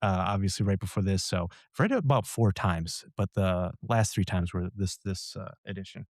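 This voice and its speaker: A man as a guest on a podcast, making relaxed jokes in casual chat. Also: low voice, normal speed, dry recording, studio quality.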